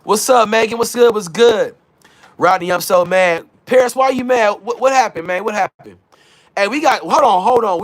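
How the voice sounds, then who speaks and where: A livestream host with a high, fairly bright voice talks loosely in slang, hyping up his chat and reading their messages aloud.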